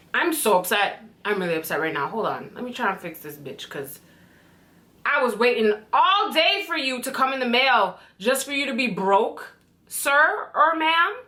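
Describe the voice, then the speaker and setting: A young woman in her twenties from Canada talking excitedly through a beauty product first-impression vlog, chatty and swearing casually. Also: on the high side. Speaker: beauty vlogger.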